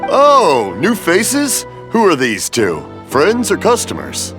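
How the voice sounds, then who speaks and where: A man's voice: high voice, wildly swooping pitch, takes it slowly, music in the background, exaggerated voice. A cheerful rambling old father. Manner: rambling, mishears, laughs warmly. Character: older man, hard of hearing, cheerful rambling father. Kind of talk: video game dub.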